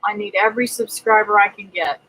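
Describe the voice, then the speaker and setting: A woman with a medium-pitched voice hosts a casual homestead livestream, reading viewer comments and greeting people by name with plenty of ums and uhs. She sounds brisk, pushed, and bright with a steady tone. The audio is poor, with slight background noise.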